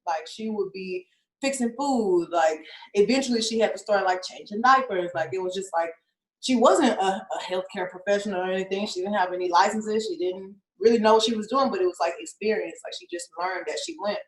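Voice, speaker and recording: A woman's voice: medium pitch, brisk. Giggly young woman rapper, roomy sound. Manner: laughs often, fills speech with "like". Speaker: rapper being interviewed. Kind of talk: casual interview chat. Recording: roomy echo.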